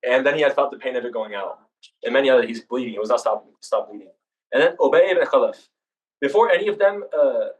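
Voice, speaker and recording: Young man, fast casual talk, lots of restarts, a bit off-mic in a room. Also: medium pitch, recorded from a distance, poor audio. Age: young adult. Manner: rushed, casual, with many restarts and fillers. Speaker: student discussion leader. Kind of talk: informal religious history talk.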